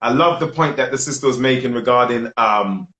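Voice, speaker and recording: A man's voice: medium pitch, a little fast, sharp tone. Exuberant man in an echoey room. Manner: exuberant, repeats himself. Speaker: host. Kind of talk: casual live chat.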